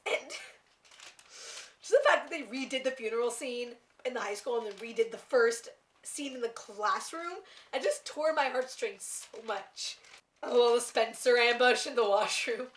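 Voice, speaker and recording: A young woman chatting excitedly as a vlogger reviewing a TV episode, laughing often and gushing. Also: on the high side, roomy sound. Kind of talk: casual chat.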